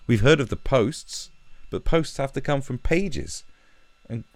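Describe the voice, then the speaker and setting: A man's voice: mid-range voice, expressive, a little slow, no echo. A man delivering a sweary, sarcastic ranting commentary, with mocking put-on voices. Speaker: commentary vlogger.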